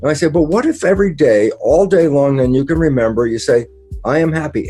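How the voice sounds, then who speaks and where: An older man giving an animated interview talk, telling stories and acting out quoted dialogue with casual swearing. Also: a little high, a little fast, slightly rough, soft background music. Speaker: guest speaker.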